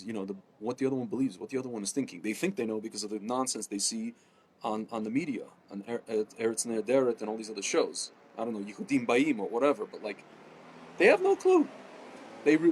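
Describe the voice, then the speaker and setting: A man ranting casually to camera, rambling with many fillers and restarts, often addressing his audience as ladies and gentlemen. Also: mid-range voice, slight background noise. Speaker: political commentator. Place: home in Jerusalem.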